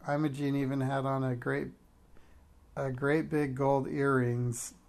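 A man's voice: medium pitch, little pitch movement, a little slow, gravelly, darkish tone. A man reading a children's story aloud with wry, amused storytelling.

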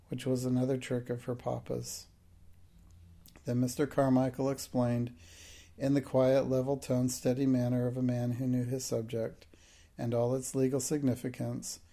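A man narrating a classic novel as an audiobook in a measured, even manner. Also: mid-range voice, vocal fry.

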